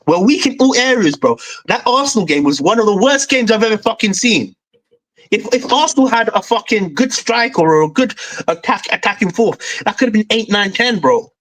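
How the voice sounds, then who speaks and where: A young man rants on a football stream, his voice jumping high and dropping low as he swears. He sounds furious and keeps repeating "bro". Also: animated, a little fast, a bit bright, poor audio. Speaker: fan show host. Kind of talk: heated football fan rant.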